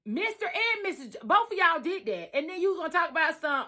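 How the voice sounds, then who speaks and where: A woman's voice: very high-pitched, brisk, few pauses. A woman, a truck driver, telling her own story in a casual storytime vlog, venting emphatically and repeating herself for effect. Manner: emphatic, repetitive, animated venting.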